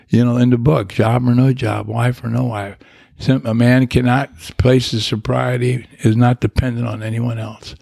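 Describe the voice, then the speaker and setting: An older man with a deeply gravelly, husky voice, recorded close and dry. He rambles and reflects as he tells his story, with restarts and soft chuckles. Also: level tone, normal speed, no room sound. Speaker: guest. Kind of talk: personal recovery story, conversational.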